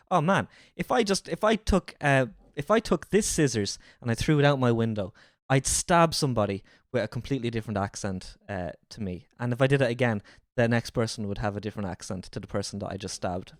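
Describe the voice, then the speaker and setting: A woman with a bass voice chats casually on a livestream, playfully repeating words in mock accents. The recording is dry, with clean studio sound.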